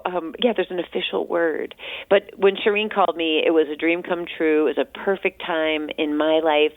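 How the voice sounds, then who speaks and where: A woman with a low, grounded voice talks over a tinny phone line in a radio interview. She is friendly and easygoing, with soft laughs and filler words. The sound is dry and close. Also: no echo. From central New Hampshire. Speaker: almanac editor, guest.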